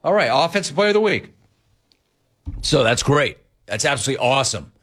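A man hosting sports talk radio, ranting in an animated way and mimicking other people as he talks. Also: mid-range voice, a little fast. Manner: animated, ranting, quoting others in mock voices.

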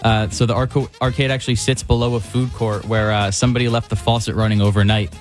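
A man running through news items on a radio show, casual and hesitant, pausing often on fillers. His pitch sits in the middle, and soft music plays underneath. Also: little pitch movement.

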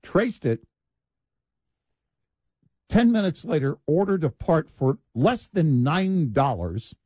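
Mellow-voiced male radio co-host. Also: a little high, very animated, slow, breathy edge, dry recording, studio quality. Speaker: radio talk show co-host. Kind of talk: casual talk radio banter.

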